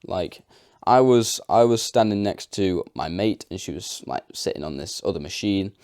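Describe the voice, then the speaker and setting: A man's voice: deep voice, expressive, moderate pace, darkish tone, no room sound, clean studio sound. A young man telling a personal story to camera, unscripted and chatty, with lots of fillers. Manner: chatty, filler-heavy, self-deprecating. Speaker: vlogger.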